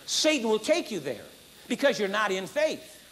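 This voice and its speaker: A man preaching an emphatic, repetitive sermon at a conference, building to high exclamations. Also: sing-song, normal speed, fairly bright tone. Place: conference hall.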